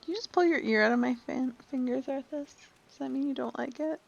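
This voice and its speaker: A woman's voice: sits high, fairly quick, gravelly. A young woman streaming a game, chatty and playful, talking to her cat, recorded on a desk mic with dull lo-fi audio. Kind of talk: casual game stream chat.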